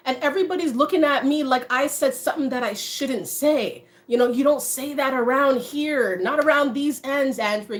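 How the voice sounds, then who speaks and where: A woman with a high, bright-pitched voice talks casually to her livestream viewers. She is chatty and animated, laughs often and keeps dropping in "you know." The talk is loose and conversational. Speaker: motivational vlogger.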